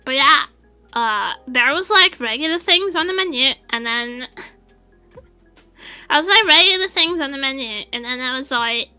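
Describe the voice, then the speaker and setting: A Portuguese woman streaming a casual chat, telling an animated story with frequent laughter and swearing. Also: high voice, slow, pauses often, smooth, soft background music. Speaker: VTuber streamer.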